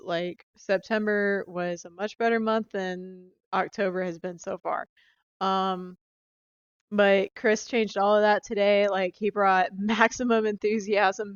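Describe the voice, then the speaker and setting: A woman's voice: medium pitch, smooth, no echo, highs cut off. A young woman casually recapping her sales training into a handheld phone, chatty and upbeat with lots of fillers. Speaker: sales rep.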